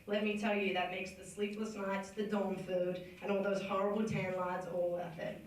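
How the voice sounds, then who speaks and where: A woman's voice: medium pitch, level tone, normal speed, noisy background. A woman coach giving a humorous, self-deprecating acceptance speech as a hall of fame inductee. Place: banquet hall. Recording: echoey hall recorded from far off.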